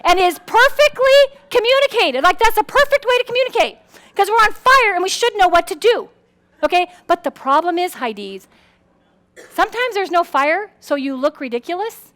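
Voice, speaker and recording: A woman giving a lively workshop talk on personality styles to an audience, acting out quotes with big swings in her voice and sometimes restarting her words. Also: normal speed. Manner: animated, acts out quotes with big pitch swings.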